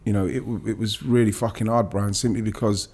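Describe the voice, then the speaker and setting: Middle-aged man telling a painful story. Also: on the low side. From England. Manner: animated, swearing, halting restarts when moved. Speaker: guest, former footballer. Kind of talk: emotional personal storytelling.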